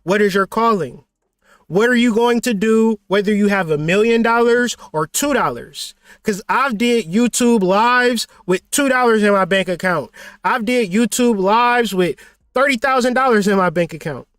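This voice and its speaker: A man's voice: sits high, normal speed, fairly bright tone, dry recording, studio quality. A man hosting a motivational livestream talk, blunt and profane, preaching with rhetorical questions. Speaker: spiritual teacher and channel host.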